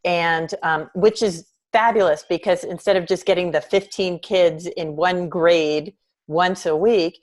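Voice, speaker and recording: A woman educator answers as an interview guest, with a mid-range, even voice. She talks in a reflective, measured way, like someone thinking aloud. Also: lowish voice. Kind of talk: casual interview chat.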